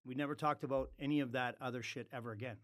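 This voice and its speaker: A man's voice: mid-range voice, fairly even intonation, racing, fairly bright tone, dry recording, studio quality. A man telling a blunt anecdote on a podcast, acting out the quoted dialogue. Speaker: podcast guest. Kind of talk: casual anecdote.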